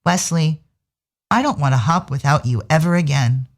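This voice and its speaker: A drag queen voicing a sweet young male bunny in a storybook reading, sounding gentle and earnest. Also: medium pitch, moderate pace, pitched above the performer's own voice, close to an everyday voice. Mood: tender.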